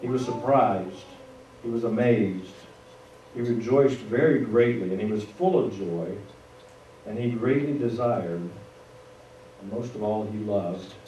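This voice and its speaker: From an echoey church sanctuary comes a pastor's sermon, his fairly low, warm voice moving at a slow pace and sounding lo-fi. He speaks conversationally, with asides to the congregation, heard from a distance over faint noise.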